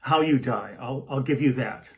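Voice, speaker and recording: A man's voice: medium pitch, moderate pace, natural voice. A man voicing God as a solemn, kindly male deity in a spoken joke. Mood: grave.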